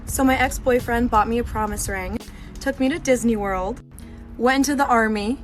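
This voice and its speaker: Sardonic higher-voiced woman. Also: normal speed, faint music behind. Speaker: storyteller. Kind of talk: casual story time.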